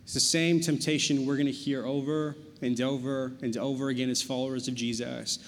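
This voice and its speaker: A man's voice: mid-range voice, fairly even intonation, brisk, long reverb tail, slight background noise. A man preaching a sermon as a pastor, joking and casual, with slang asides between verses.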